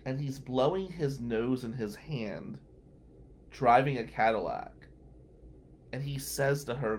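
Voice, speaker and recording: A man's voice: mid-range voice, lively intonation, unhurried, slight background noise. A man hosting a podcast, a lawyer telling wry, incredulous stories from his working day. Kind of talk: storytelling monologue.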